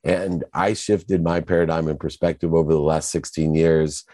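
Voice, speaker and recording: An older man talks in a very low, mellow voice. He tells his story with earnest, motivational conviction. The recording sounds close and dry. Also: fairly even intonation, normal speed, dry recording. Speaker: guest entrepreneur. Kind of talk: casual interview conversation.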